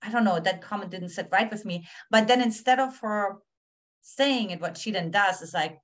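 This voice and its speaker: A woman co-hosting a relationship podcast, asking a guest questions in a relaxed conversational way. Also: medium pitch, normal speed. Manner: conversational, agreeing with short backchannels. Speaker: podcast co-host. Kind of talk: casual interview questions.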